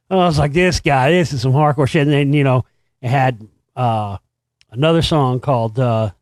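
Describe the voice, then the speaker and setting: A middle-aged man hosting a show, telling a story in a casual, profane, animated way and laughing as he goes. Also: mid-range voice, moderate pace, no room sound, clean studio sound. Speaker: podcast host.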